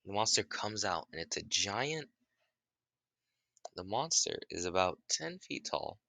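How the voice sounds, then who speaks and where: Lively rambling man telling a story. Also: on the low side, measured pace, gravelly, no room sound, clean studio sound. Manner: rambling, with restarts and profanity. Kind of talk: casual story retelling.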